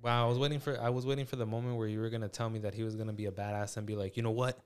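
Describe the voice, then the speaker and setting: A man's voice: on the low side, flat delivery, racing, smooth. A man hosting a podcast, chatting casually and riffing jokingly on his guest's story. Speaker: podcast host.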